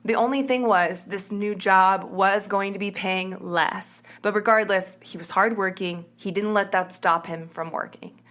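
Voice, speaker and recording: Recounting a true crime case on her podcast, a woman speaks a little slowly in a mid-range, fairly bright voice with fairly even intonation. She's chatty and casual, frequently fixing herself mid-sentence and using "like" and "kinda."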